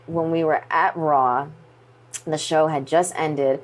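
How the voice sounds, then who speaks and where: Woman guest, 30s, lower voice, tells stories with animated, acted-out quotes. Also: slow pace. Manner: animated, acts out quoted dialogue. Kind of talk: casual interview storytelling.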